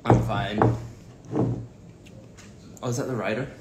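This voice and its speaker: A man's voice: mid-range voice, fairly even intonation, takes it slowly, reverberant, very noisy. A middle-aged man chatting casually on a live stream, joking and teasing dryly.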